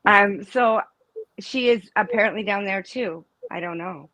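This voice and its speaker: A woman's voice: medium pitch, a little slow, fairly bright tone, no echo. A middle-aged woman speaking as an interview guest, a mother who talks in a rambling, emphatic way that trails off and restarts. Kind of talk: casual live interview chat.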